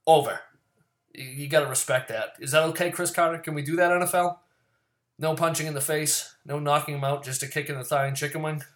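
A man casually giving his fantasy football picks in a rambling, profane rant that swings from loud and worked up to low muttering. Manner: profane, rambling and ranting, swears often; gets loud and worked up, then drops back to low mutters.

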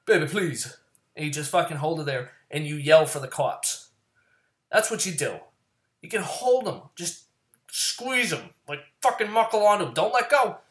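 A man casually giving his fantasy football picks in a rambling, profane rant that swings from loud and worked up to low muttering. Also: expressive, normal speed. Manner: profane, rambling and ranting, swears often; gets loud and worked up, then drops back to low mutters.

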